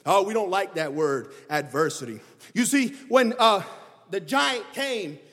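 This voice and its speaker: A man preaching a sermon with emphatic delivery, swinging his pitch and volume up and down. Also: lively intonation, measured pace. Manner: emphatic preaching that rises and drops in pitch and loudness. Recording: long hall reverb.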